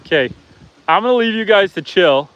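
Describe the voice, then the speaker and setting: High-voiced chatty homestead host. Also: male voice, animated, fairly quick, fairly bright tone, clean tone, lo-fi sound. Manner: chatty, talks to his animals and to viewers. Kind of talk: casual live-stream chat. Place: outdoors on a farm among animals.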